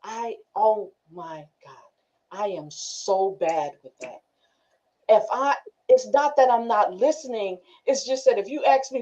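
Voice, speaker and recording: Heard on muffled lo-fi audio, a woman from the northern United States hosts a class's casual group discussion. Her voice is medium-pitched and mellow with lively intonation, and she keeps a measured pace while telling animated stories and laughing often.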